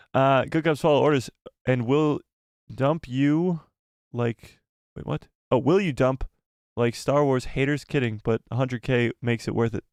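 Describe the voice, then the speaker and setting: A man's voice: mid-range voice, steady tone, slow pace, a little mellow, smooth, dry recording. A man hosting a casual live stream, reading viewer messages in a jokey, self-deprecating, rambling way into a close microphone. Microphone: close desk microphone.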